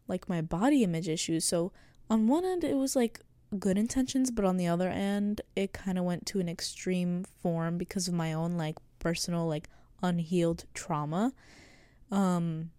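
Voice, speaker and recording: A woman's voice: lowish voice, warm tone, clear, resonant tone, no room sound. A woman in her late teens hosting a casual solo podcast, talking in a reflective, rambling way with lots of fillers, close to the mic. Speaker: podcast host. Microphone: close studio microphone.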